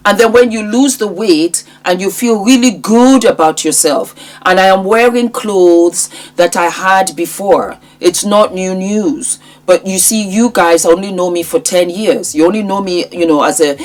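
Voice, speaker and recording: A woman's voice: mid-range voice, unhurried, darkish tone. A woman in her fifties talking straight to her viewers in a vlog, emphatic and fond of repeating her phrases for effect. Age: 50s. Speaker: lifestyle YouTuber. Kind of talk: direct-to-camera vlog chat.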